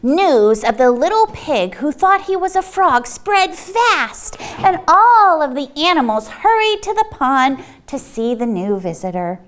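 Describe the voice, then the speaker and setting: A woman reading a picture book aloud at a children's storytime, expressive, with dramatic gasps. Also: high voice, measured pace, few pauses.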